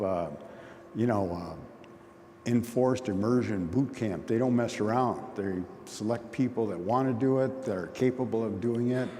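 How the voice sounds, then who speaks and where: A man's voice: lowish voice, darkish tone. A man giving a conference talk in a plain, folksy storytelling manner. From Oneida community. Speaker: conference speaker. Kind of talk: conversational talk. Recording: long hall reverb, faint noise.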